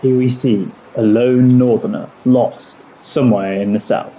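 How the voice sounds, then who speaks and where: Male narrator, mock nature-documentary style, solemn and hushed, mellow tone, dull lo-fi recording. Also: mid-range voice, fairly even intonation, measured pace, slight background noise. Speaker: student narrator. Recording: muffled, dull lo-fi sound.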